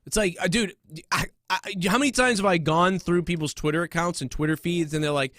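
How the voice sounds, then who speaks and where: A man's voice: sits high, a little fast, fairly bright tone, dry recording, studio quality. Rambling profane male podcast host. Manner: rambling, profane, many fillers and restarts. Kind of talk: casual comedy podcast rant.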